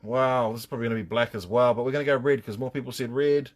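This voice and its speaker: A man's voice: medium pitch, steady tone, very fast. Joking New Zealand man hosting a stream. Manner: joking, swearing, reading out viewer names. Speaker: live-stream host. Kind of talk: casual live-stream chat.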